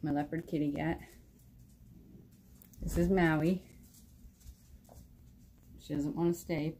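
A woman's voice: low voice, steady tone, takes it slowly, long pauses, warm tone, a little hiss or hum. A woman streaming live from home on her phone, chatting in a rambling way with viewers and her cats.

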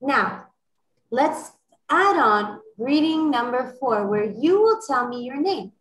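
A woman with a high voice leads an online class for children. She speaks slowly and clearly and encourages the pupils often. Her voice carries the echo of the room she records in over a video call. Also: animated, a bit bright. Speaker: French teacher for children.

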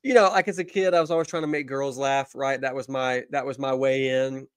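A man's voice: medium pitch, fairly even intonation, a little fast, clear, resonant tone, no room sound, clean studio sound. A man with an East Tennessee accent, a comedian guest chatting in a rambling, self-deprecating way. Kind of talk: casual interview chat.

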